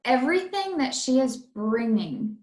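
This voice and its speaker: A woman on a team call, sharing thoughts with her teammates in a warm, unhurried way. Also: high-pitched, sing-song, echoey room. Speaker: team member. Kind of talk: casual call chat.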